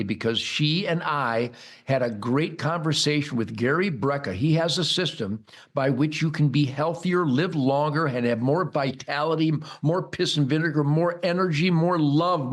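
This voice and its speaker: Bombastic older man ranting. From United States. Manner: bombastic, mocking, loud rants with sudden high-pitched outbursts. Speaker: host. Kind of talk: rambling political monologue.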